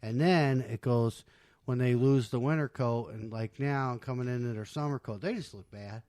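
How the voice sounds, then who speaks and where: A man's voice: mid-range voice, normal speed, a little mellow, no echo. A man hosting a podcast, chatting casually and telling stories in a laid-back way. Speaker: podcast host. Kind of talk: casual chat.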